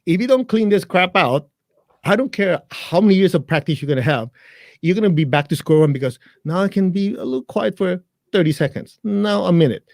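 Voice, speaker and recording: A man's voice: sits high, lively intonation, a little fast, dry recording, studio quality. Blunt, joking male meditation teacher. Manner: blunt, joking, talks straight to listeners. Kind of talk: guided meditation instruction in a live interview.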